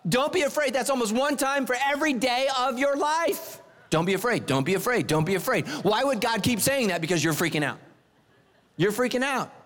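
A middle-aged man preaching a sermon in a church, animated and joking, swinging his pitch up and down for emphasis. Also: fairly quick, in a large hall. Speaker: pastor. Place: church sanctuary.

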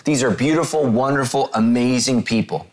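Man, preacher, sermon, animated storytelling, slow scripture reading, casual asides, mid-pitched voice. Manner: animated storytelling, reads scripture lines slowly and paraphrases them casually; talks directly to listeners, asks them to take notes.

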